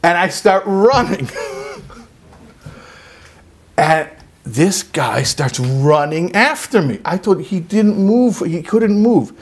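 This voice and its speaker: A man's voice: slow, long pauses, breathy edge. Man telling a story in a sermon, emphatic. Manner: animated, jumps to high emphatic peaks; drops low and quiet for serious points. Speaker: religious speaker.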